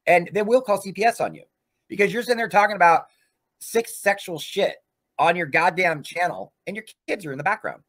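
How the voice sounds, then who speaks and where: A man's voice: sits high, a little fast, fairly bright tone. A man hosting a livestream, ranting in a profane, combative way. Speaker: livestream host.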